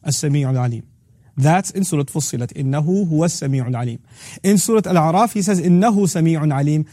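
A man teaching a lesson on the Quran, earnestly rephrasing each phrase several ways and reciting Arabic verses quickly between his English explanations. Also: on the high side, warm tone, no echo, studio quality. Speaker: Quran teacher hosting a series.

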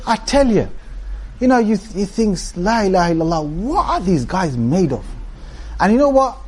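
A man delivering a conversational religious talk in a slightly higher voice. He speaks plainly and with humor to the brothers and sisters before him. His delivery stays loose and animated. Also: unhurried, slightly rough. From Britain. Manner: animated, mimics shouting preachers with humor; melodic chanted recitation. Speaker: preacher. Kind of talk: Islamic talk with Quran recitation.

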